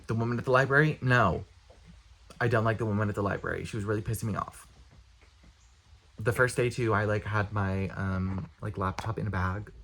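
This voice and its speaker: A man's voice: lowish voice, fairly bright tone, a little hiss or hum. A young man ranting casually to camera, exasperated, blunt and profane. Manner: exasperated, blunt, profane, talks with quick bursts. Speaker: vlogger.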